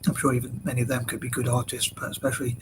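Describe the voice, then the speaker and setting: A man speaks in a flat, even voice, hardly moving his pitch as he rambles through a solo monologue. He hesitates often and keeps correcting himself mid-sentence. A constant hiss of background noise sits under the recording. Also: rapid-fire. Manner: hesitant, many fillers and self-corrections. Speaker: video blogger.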